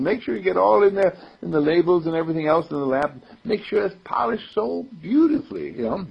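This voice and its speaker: Brief: man spiritual teacher, raspy gravelly voice, lively swooping delivery, chuckles, dull lo-fi tape. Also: fairly high pitch, brisk, few pauses. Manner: playful, chuckling, repeats affirmations. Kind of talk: informal sermon to a group. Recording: dull lo-fi recording.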